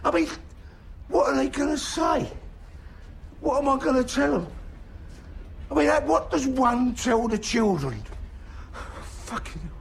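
A man's voice: very high voice, very animated, measured pace, gravelly, pauses often, slight background noise, voice pushed up, full character voice, rough recording. A man voicing a heartbroken middle-aged husband who rambles and swears in despair. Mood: anguished. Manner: swearing, rambling, self-pitying.

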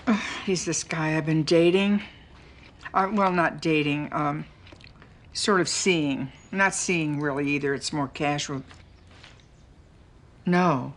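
A woman's voice: low voice, slow pace, pauses often, slight background noise. An actress playing a quirky older woman who rambles and keeps correcting herself. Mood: chatty.

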